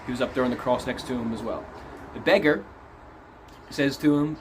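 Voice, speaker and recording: A man giving a casual, animated film review, swearing freely as he retells scenes. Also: mid-range voice, brisk, long pauses, noisy background. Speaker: movie reviewer.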